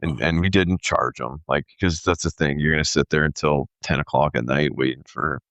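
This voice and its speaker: A man in his thirties telling a story in casual podcast chat, animated and peppered with "dude" and "like". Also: very deep voice, normal speed, no echo, lo-fi sound. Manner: animated storyteller, says "dude" and "like", acts out quoted voices. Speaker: podcast co-host.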